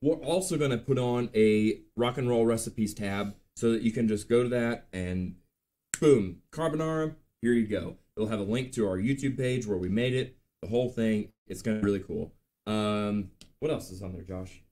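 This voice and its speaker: A man in his late thirties hosting a live show, telling stories in a chatty, animated way with lots of ums and uhs. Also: lowish voice, normal speed. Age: late 30s. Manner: chatty, animated storytelling with filler words. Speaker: podcast host. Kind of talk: casual live-stream chat.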